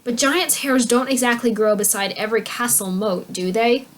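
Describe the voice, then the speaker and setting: A woman's voice: a little high, normal speed, close to an everyday voice. A woman voicing a defensive young apprentice magician, the heroine's older brother. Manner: defensive, grudging.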